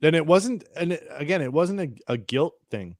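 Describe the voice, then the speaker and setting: A man co-hosting a casual podcast chat, reviewing a TV episode, talking in an animated way, swearing and acting out scenes in quoted voices. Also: a little high, normal speed, no room sound, studio quality. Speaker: podcast co-host.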